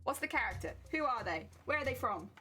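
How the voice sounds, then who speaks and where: A woman's voice: a little high, very animated, fast, bright, forceful tone, faint music behind. A woman with an English accent chatting casually on a live stream while sewing a costume. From England. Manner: chatty, rambling, fillers like "like" and "heck yeah".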